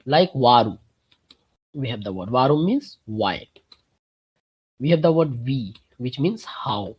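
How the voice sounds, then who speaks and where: Slow husky guy teaching german on a video call, explains step by step, keeps clearing his throat. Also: mid-range voice, lively intonation, muffled recording. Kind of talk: online language lesson.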